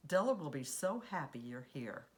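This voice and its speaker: A woman's voice: deep voice, sing-song, moderate pace, slight background noise. A woman voicing a cheerful, eccentric mother in a children's story, gushing and friendly. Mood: welcoming.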